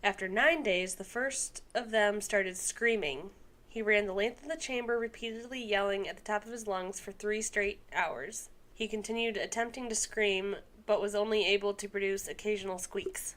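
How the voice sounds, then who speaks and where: A woman's voice: medium pitch, normal speed, a bit bright. A young adult woman co-hosting a podcast, reading a story aloud and breaking off for casual asides and stumbles. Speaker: podcast co-host.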